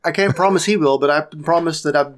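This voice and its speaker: A man co-hosting a casual podcast who reacts quickly and rambles through explanations. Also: on the high side. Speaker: podcast co-host.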